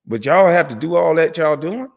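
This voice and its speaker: A man's voice: animated, gravelly, in a large hall. A man delivering an angry, profane commentary rant as host of his channel. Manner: heated, profane, rapid swings in pitch and volume.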